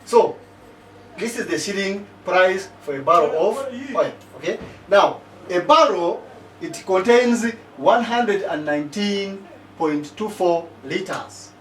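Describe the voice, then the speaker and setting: Man, higher register, lecturing style, recorded distant in a reverberant room with faint background noise. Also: lively intonation, takes it slowly. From Uganda. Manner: repeats "okay?" to check listeners follow, works figures out aloud. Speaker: political commentator. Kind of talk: explanatory talk to camera. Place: living in South Africa.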